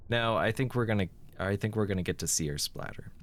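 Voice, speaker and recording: A man's voice: lowish voice, sing-song, quick pace, few pauses. Congested man with dry, sardonic humor. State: congested sinuses. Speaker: let's play host. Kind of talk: horror game commentary.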